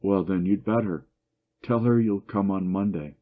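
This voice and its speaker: A man's voice: deep voice, moderate pace, phone-quality sound, natural voice. A man reading as a frustrated, bitter elder brother who speaks with exasperated intensity, in a story reading.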